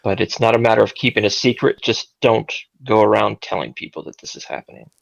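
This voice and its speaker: Gravelly, low-voiced man. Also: steady tone, quick pace. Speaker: player. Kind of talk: in-character tabletop role-play. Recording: dull lo-fi sound.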